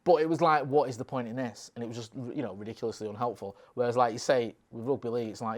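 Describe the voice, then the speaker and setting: A man's voice: medium pitch, fast. A man, a podcast co-host and former local radio reporter, chatting casually and acting out quotes as he tells stories. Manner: animated storyteller who acts out quotes. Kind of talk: casual chat.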